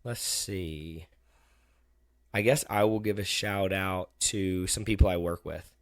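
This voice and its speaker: A man hosting a casual podcast chat, talking in a patient, gently teasing way as he explains things step by step. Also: low-pitched, fairly even intonation, takes it slowly, dry recording, clean studio sound. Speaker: podcast host.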